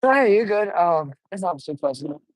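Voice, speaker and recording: An eighteen-year-old man vlogging on a casual walk outdoors, talking quietly and rambling with halting restarts, recorded on wireless earbuds. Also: high-pitched, expressive, no room sound, rough recording. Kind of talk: casual walking vlog.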